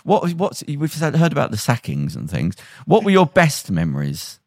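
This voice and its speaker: A man hosting a podcast, retelling a story in a lively, casual way and acting out the quotes. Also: a little high, normal speed, no echo, clean studio sound. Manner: animated retelling with acted-out quotes. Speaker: podcast host.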